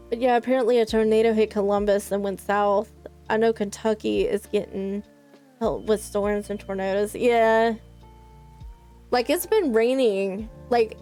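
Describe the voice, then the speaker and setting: A woman's voice: on the high side, darkish tone. A young woman from South Carolina with a Southern accent, chatting to her stream chat in a rambling way. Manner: chatty, rambling, many likes. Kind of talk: casual chat with live chat.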